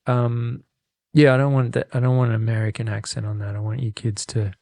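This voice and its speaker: This podcast co-host reads out a listener's email in a rambling way, laughing and restarting to correct himself. He's medium-pitched, flat, fairly quick, creaky and a little mellow, recorded on a studio mic with no echo.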